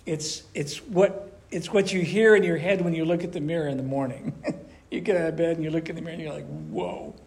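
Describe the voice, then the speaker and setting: A man preaching a conversational sermon to his church, animated and acting out little voices as he talks. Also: on the high side, quick pace. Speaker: pastor.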